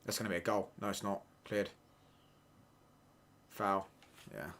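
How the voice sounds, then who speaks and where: A young man hosting a live football watchalong, reacting to the play and chatting with viewers in slangy, excitable talk. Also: on the low side, a little slow. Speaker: watchalong host.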